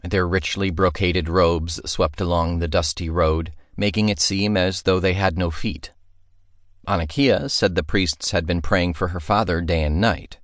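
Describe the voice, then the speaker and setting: A man narrating a fantasy audiobook in a measured storytelling manner, recorded in a studio. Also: low voice, fairly even intonation, dry recording.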